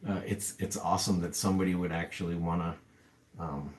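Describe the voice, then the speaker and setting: Here his voice is deep, steady and darkish, moving a little fast as he talks with his live audience at home among the pets. Shot on a camera mounted on an upside-down tripod, he rambles, uses lots of fillers and responds to the chat.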